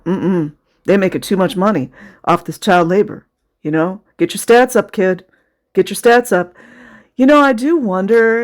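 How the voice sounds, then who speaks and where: Sarcastic, indignant video commentator. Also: mid-range voice. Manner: emotional, close to tears. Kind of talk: casual commentary over footage.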